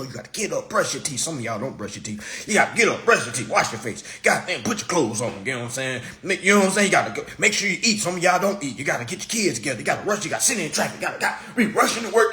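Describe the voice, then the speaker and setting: High, animated man ranting on stream. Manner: animated, profane, preachy, fires rhetorical questions. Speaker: online personal finance commentator. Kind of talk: live-stream rant to viewers.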